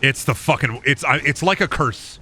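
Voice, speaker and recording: A man's voice: mid-range voice, animated, moderate pace, sharp tone, breathy edge, faint music behind. A man streaming a game, rambling and self-mocking with lots of swearing. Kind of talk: casual gameplay commentary.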